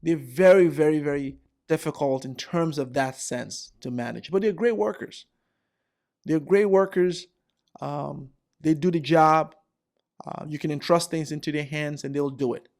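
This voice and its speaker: A man's voice: fairly high pitch, unhurried, vocal fry, a little mellow. A man in his forties giving workplace advice, telling stories and acting out coworkers with lots of repetition. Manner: repetitive, acts out characters. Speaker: career vlogger. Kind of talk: animated storytelling advice.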